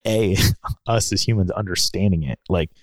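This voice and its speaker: A man's voice: deep voice, moderate pace, dry recording. A man on a podcast telling a reflective personal story in a casual, musing way, with lots of fillers. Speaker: podcast speaker.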